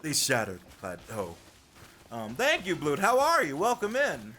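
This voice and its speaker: A man livestreaming a game, chatty and excitable, talking to his chat as he plays. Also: fairly high pitch, a little slow, a little hiss or hum. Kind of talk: live game commentary.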